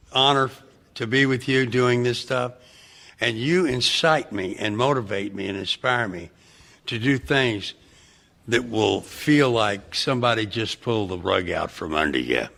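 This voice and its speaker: A male actor as a podcast guest, telling rambling, excitable anecdotes and breaking into loud laughs. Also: medium pitch, unhurried, gravelly.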